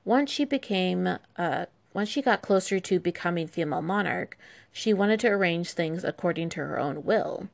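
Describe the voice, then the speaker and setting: A woman's voice: fairly low pitch, expressive, normal speed, gravelly. A woman telling medieval history in an irreverent, sarcastic way, with profane asides. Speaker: history podcast host.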